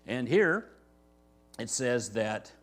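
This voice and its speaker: A man's voice: mid-range voice, big pitch swings, very slow, faint music behind. A man preaching a verse-by-verse sermon as pastor, talking to the congregation in a conversational way and often asking "right?". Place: church sanctuary.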